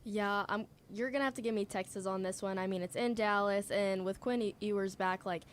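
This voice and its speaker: A young woman with a mid-pitched voice co-hosts college sports radio. She gives her pick casually, with plenty of fillers, over faint background noise. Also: steady tone, a little fast.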